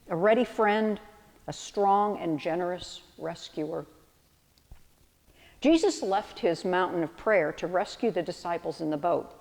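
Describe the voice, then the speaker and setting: A woman's voice: medium pitch, darkish tone, long reverb tail. A woman pastor delivering a sermon, reflective and storytelling with vivid analogies.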